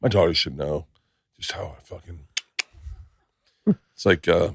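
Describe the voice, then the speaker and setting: A man's voice: low-pitched, unhurried, gravelly, husky, dry recording, studio quality. A middle-aged man hosting a podcast, telling profane, rambling stories and acting out quoted lines in casual chat. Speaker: podcast host.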